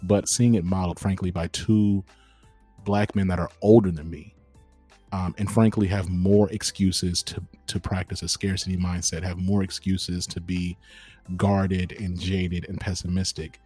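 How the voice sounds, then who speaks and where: A young man hosting a podcast, talking in a lively casual way and calling his listeners y'all. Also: low-pitched, unhurried, slightly rough, faint music behind. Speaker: host.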